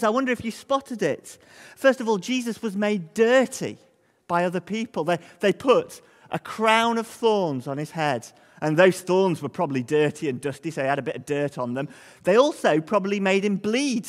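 Lively preacher in an echoing church. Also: male voice, high-pitched. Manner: lively storytelling, acts out voices of scolding parents and children. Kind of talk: all-age sermon. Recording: long echo from a large church hall.

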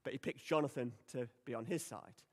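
A man's voice: medium pitch, fairly quick. Man preaching in a reverberant hall. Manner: conversational, emphatic, acts out quoted lines. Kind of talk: sermon.

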